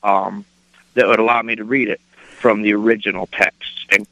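A man's voice: fairly low pitch, little pitch movement, normal speed, sharp tone, no echo. A man calling in to a radio show, asking a question in a hesitant way with lots of ums. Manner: hesitant, many fillers. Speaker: caller. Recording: dull phone-in line.

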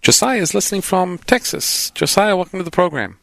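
A man co-hosting a call-in radio show, introducing callers and reading out contact details in a measured way. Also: sits high, expressive, vocal fry, a bit bright, no echo. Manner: measured, reads phone numbers and introduces callers. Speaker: radio co-host.

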